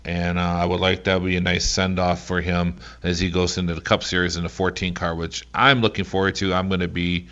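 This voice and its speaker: A man's voice: sits low, little pitch movement, a little fast, hardly any pauses, a bit bright, muffled recording. A man hosting a sports radio show, talking casually with many fillers.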